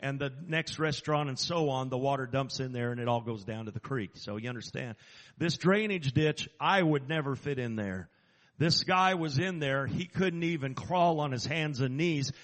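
A man who is an assistant chaplain, telling a personal story in an earnest, halting and emphatic way. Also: medium pitch, in a large hall.

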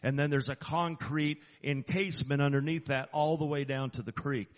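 Chaplain type, man, earnest storyteller, halting and emphatic, slightly high voice. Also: fairly even intonation, long reverb tail. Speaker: assistant chaplain. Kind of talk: personal storytelling.

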